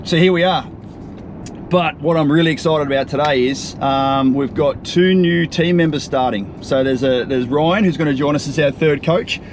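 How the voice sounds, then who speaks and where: A man's voice: on the high side, moderate pace. A man with an Australian accent hosting a casual vlog, talking in a chatty, upbeat way with a lot of ums and uhs while he drives. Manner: chatty and upbeat, with frequent fillers. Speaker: property coach and show host. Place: in a vehicle on a drive. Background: faint road and traffic noise.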